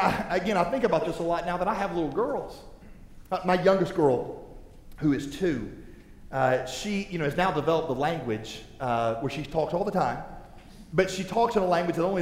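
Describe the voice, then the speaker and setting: A man in his thirties preaching a sermon, telling funny stories and acting out voices. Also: high voice. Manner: animated, humorous storytelling with acted-out voices. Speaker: pastor. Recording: echoey hall with long reverb.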